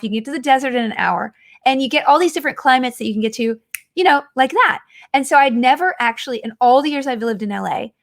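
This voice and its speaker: A woman in her forties talks through a casual podcast chat in a bright, high voice. She rambles from story to story and pokes fun at herself along the way. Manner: chatty, self-mocking, rambling storyteller. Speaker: podcast host.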